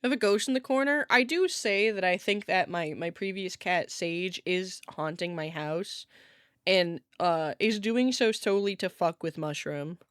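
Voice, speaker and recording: A woman's voice: lowish voice, unhurried, fairly bright tone, smooth, no echo, clean studio sound. A woman streamer in casual chat with viewers, rambling with lots of filler words and laughing often, at home with her cat.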